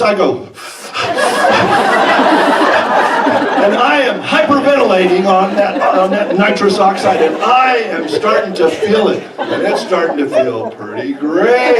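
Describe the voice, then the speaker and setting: Animated male storyteller in a hall. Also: high voice, very noisy. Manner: animated, comic, breaks into laughter. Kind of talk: live personal storytelling. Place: stage in a performance hall. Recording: echoey hall, distant mic, audience. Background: audience laughter.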